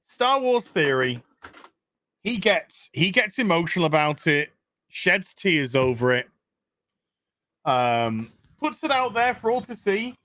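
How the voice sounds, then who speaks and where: Ranting man, bright high voice. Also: takes it slowly, no echo. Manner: animated, profane, sarcastic. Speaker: show host. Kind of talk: casual ranting commentary. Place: home kitchen.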